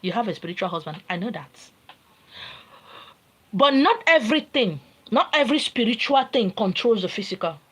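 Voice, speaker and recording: A Nigerian woman giving a spiritual teaching, her voice sitting a little high and swinging widely up and down. She lectures emphatically and hammers her points home through repetition. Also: sing-song, moderate pace, pauses often, a bit bright, husky, poor audio. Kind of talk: informal spiritual teaching monologue.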